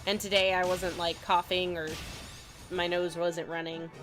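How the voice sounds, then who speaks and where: Over music, a young Californian woman chats casually on a game stream in a low, fairly flat, unhurried voice. She's a little stuffy while getting over a cold, and she giggles and rambles.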